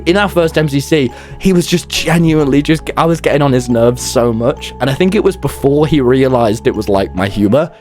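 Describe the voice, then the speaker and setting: A young man, telling rambling stories in a casual chat and swearing as he goes. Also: on the high side. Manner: rambling, animated storytelling with swearing and laughter.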